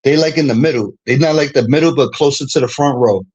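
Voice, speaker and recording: A man's voice: medium pitch, quick pace, darkish tone, breathy edge, highs cut off. A young man with a New York accent, a streamer from the Bronx, trash-talking in a casual, profane livestream rant and laughing between lines.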